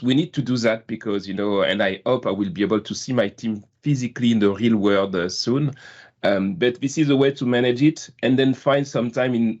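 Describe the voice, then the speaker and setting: A man's voice: medium pitch, a little mellow. Man, French accent, forties, chatty, self-mocking, lots of restarts, muffled lo-fi call sound. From France. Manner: chatty, self-deprecating, laughs often, many restarts. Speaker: guest product manager. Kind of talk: casual video-call chat. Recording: dull lo-fi call audio.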